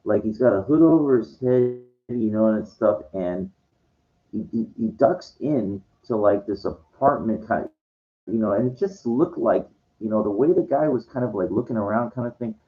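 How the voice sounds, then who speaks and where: A man's voice: lowish voice, normal speed. Rambling, profane man on lo-fi audio. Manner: meandering, profane, heavy with fillers. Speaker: vlogger. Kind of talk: rambling monologue. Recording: dull lo-fi sound.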